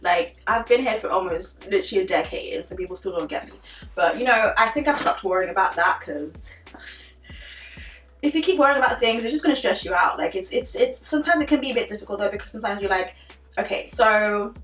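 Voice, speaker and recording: A young woman talks through a casual vlog in a loose, animated way, filling her sentences with "like." She sits a little back from the mic in a roomy space, and faint music plays underneath. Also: fairly high pitch, fairly quick, recorded from a distance. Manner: chatty and animated, frequent "like" fillers. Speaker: beauty vlogger. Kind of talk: casual chit-chat vlog.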